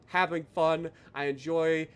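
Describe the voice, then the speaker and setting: A man live-streaming a game, talking to his chat and thanking donors with loud, exaggerated reactions. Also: on the high side, little pitch movement, a little slow, clean tone.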